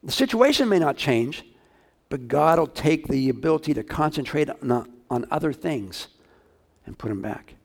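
A man's voice: fairly high pitch, expressive, moderate pace, creaky. A male pastor preaching a sermon, talking casually and asking his congregation questions.

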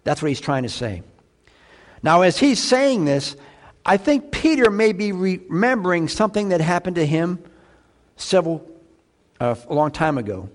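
Male pastor, fairly high voice, sermon, chatty, questions to the congregation, loud then hushed. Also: sing-song, moderate pace, pauses often. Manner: conversational preaching with rhetorical questions to the congregation; swings between loud emphatic lines and quiet low asides.

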